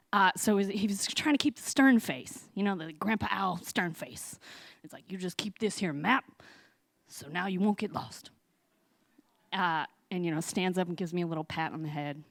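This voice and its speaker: A woman's voice: on the low side, dry recording. A woman telling a personal story live on stage, chatty and laughing often, with lots of fillers.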